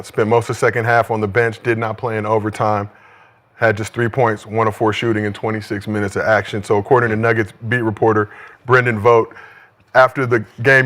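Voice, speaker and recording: A man's voice: fairly low pitch, a bit bright. A man hosting a sports podcast, steadily reading out stats and setting up questions for the panel. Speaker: podcast host and moderator. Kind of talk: casual sports chat.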